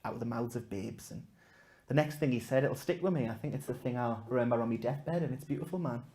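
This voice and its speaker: Stand-up guy, self-mocking, mid pitch, goes loud then drops to near whispers. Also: fast. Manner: self-mocking, swings from loud punchlines to hushed asides. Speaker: stand-up comedian. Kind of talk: stand-up storytelling to a live audience. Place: comedy gig before a live audience.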